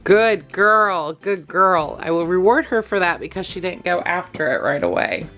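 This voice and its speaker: A woman with a fairly low voice walks through a dog-training lesson in a casual vlog, chatty and quick to laugh. She coos praise at her dogs between explanations, with soft music faintly underneath. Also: expressive.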